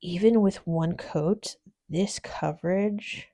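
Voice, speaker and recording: A woman's voice: on the low side, lively intonation, slow, a little mellow. A woman hosting a casual nail product unboxing, gushing with little exclamations and sometimes dropping into a whisper. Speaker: nail channel host. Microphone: phone.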